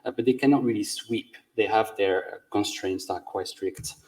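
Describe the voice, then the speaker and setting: Male presenter, methodical and hesitant, slightly low voice, distant mic. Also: moderate pace, darkish tone, slight background noise. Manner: methodical, explaining step by step with many "uh"s. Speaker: conference speaker, sound designer. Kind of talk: conference talk.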